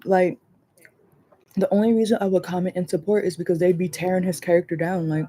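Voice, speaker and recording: A woman hosting a casual livestream chat, rambling and animated, swearing freely and laughing often. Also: on the low side, brisk. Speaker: livestream host.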